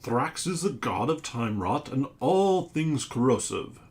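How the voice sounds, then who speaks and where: A man doing a booming giant squid-like sea monster. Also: sing-song, a little slow, slight background noise. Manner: booming, loud and theatrical.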